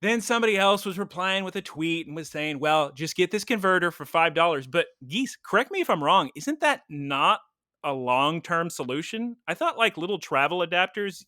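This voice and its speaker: A woman co-hosting a comedy podcast, rambling through news in casual chat. Her pitch swoops animatedly, her tone is bright and forceful, and the sound is dry and close. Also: no room sound. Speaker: podcast co-host.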